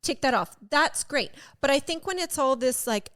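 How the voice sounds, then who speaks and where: A woman co-hosting a casual podcast chat, animated, laughing often and swearing casually. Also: high-pitched, normal speed. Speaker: podcast co-host.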